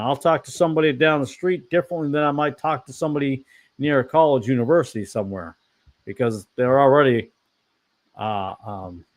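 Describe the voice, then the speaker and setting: A man hosting an online fellowship talk, preaching in a casual, rambling way, giving blunt opinions and often correcting himself. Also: medium pitch. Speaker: online fellowship discussion host.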